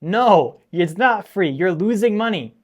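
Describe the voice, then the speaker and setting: Male host, slightly high voice, lecturing viewers on money, emphatic and scolding. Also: expressive, measured pace. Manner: emphatic, scolding, repeats points for stress. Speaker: finance show host. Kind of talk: direct-to-camera teaching monologue.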